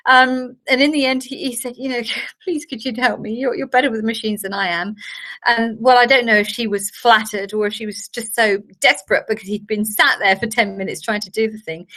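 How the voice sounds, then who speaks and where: A woman's voice: fairly high pitch, sharp tone. An older woman giving a workshop masterclass, chatty and anecdotal with fillers. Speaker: workshop trainer. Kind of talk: online masterclass talk.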